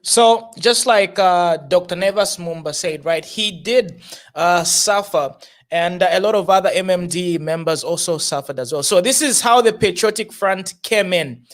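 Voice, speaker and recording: A man's voice: sits high, measured pace. Man hosting a political panel. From Zambia. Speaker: show host.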